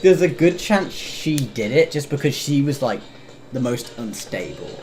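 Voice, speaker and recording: A man co-hosting a casual game playthrough, giggly and lively, stumbling as he reads lines aloud. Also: mid-range voice, measured pace. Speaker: let's play co-host. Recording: game music underneath.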